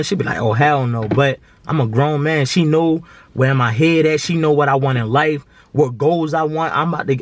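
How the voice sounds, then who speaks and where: A man, talking earnestly to camera in a slangy, repetitive way. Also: fairly high pitch. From Baltimore. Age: 20s. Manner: earnest, preachy, slangy, repeats himself. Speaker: vlogger. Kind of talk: casual heartfelt monologue to camera.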